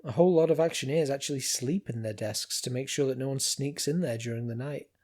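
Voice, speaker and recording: A man reading a novel aloud in first person, calm and dry. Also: medium pitch, brisk. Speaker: amateur audiobook narrator.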